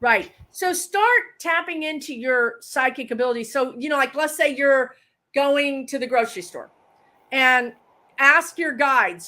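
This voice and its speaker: A woman speaking as a guest psychic medium in a casual live chat, explaining with everyday examples and lively quoted phrases. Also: high-pitched, a little slow.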